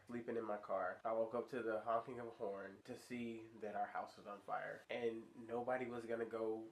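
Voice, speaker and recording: A young man telling a story to his viewers in a casual, slangy, animated way, sounding stuffy from a sinus infection. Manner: animated, slangy, acts out high squeaky voices in quotes. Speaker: vlogger.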